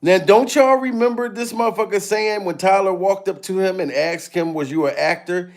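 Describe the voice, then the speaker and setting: A man's voice: high voice, moderate pace. A man giving profane, mocking reaction commentary to a live stream audience, laughing and swearing often.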